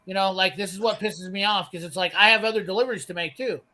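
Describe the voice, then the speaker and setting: A man's voice: high voice, fast talker, bright, forceful tone. A man telling a brash, profane story in casual chat, acting out the lines of the people in it. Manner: brash, swearing, acts out quoted lines. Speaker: storyteller on a live garage show.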